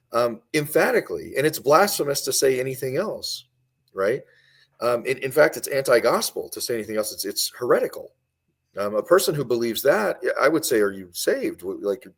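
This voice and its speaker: A man's voice: fairly high pitch, slightly rough. A man speaking as a guest on a podcast, arguing with passion and repeating key lines for emphasis. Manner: emphatic, repeats points for stress. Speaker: guest commentator. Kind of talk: impassioned podcast discussion.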